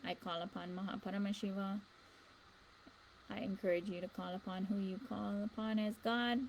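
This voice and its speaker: A woman hosts a spiritual talk show in a firm, measured voice, with a middle pitch and pauses filled by fillers. Her tone is earnest and steady. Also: gravelly, slight background noise, rough recording.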